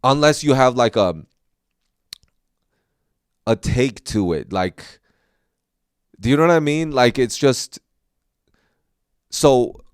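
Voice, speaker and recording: A man's voice: medium pitch, no echo, clean studio sound. A man hosting a podcast, talking casually and rambling with many restarts and fillers. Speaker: podcast host, comedian.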